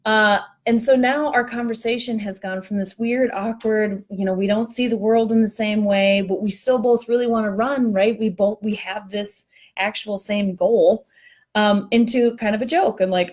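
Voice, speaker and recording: A woman telling a story in a chatty, animated way, poking fun at herself. She speaks at a middle pitch, on what sounds like an online call. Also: normal speed. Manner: chatty, animated, self-mocking. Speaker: co-host discussing workplace culture. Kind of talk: casual conversational storytelling.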